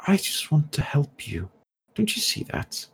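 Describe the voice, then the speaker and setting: A man voicing a scheming figure who speaks into a hero's mind, smug, patronizing and softly menacing. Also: fairly high pitch, huge pitch swings, a little slow, vocal fry, husky, pitched above the performer's own voice, heavily acted.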